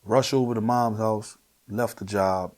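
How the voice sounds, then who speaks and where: A man with a New Orleans accent telling his personal testimony, earnest and emotional, at times sinking to a hushed near-whisper. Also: lowish voice, fairly even intonation, unhurried. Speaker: guest sharing his testimony.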